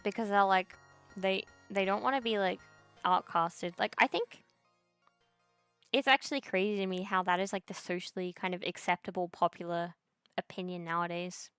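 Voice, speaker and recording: A young woman talks straight to her viewers, blunt and full of curse words and slang. Her voice sits at an ordinary middle pitch. Soft music plays faintly underneath. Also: steady tone, normal speed, clean tone, dry recording. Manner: blunt, heavy swearing, slangy "bro". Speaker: streamer reading chat. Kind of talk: casual ranting chat.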